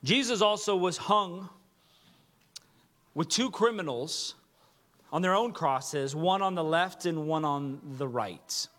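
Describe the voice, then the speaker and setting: A man preaching a sermon with earnest delivery, dropping to a hush when he reads quoted words. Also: a little high, slow pace, long pauses. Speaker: pastor.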